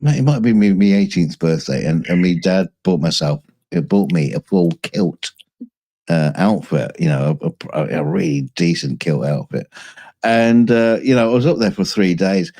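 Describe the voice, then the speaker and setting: A man from Scotland with a Scottish accent worn down by years in England, co-hosting a casual chat and telling stories in halting, restarting bursts. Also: low voice, expressive, warm tone, dry recording. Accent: Scottish, softened by years in England. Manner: halting, many restarts, chuckling. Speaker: co-host.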